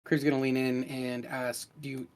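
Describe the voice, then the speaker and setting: A man's voice: medium pitch, level tone, normal speed. Matter-of-fact man at a game table. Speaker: player. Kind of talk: casual tabletop role-play.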